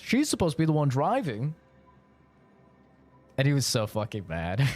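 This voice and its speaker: Young male streamer, rambling slangy storyteller, faint background music. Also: medium pitch. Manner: rambling, laughing, slangy with lots of fillers. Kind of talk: casual storytelling while streaming.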